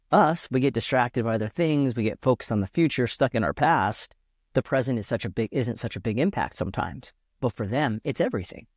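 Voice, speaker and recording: A man in his thirties speaks as a podcast guest in an earnest, reflective way. He thinks aloud and often restarts his sentences. His voice sits at a middle pitch, recorded dry and close with no room sound. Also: darkish tone, no echo. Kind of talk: reflective casual conversation.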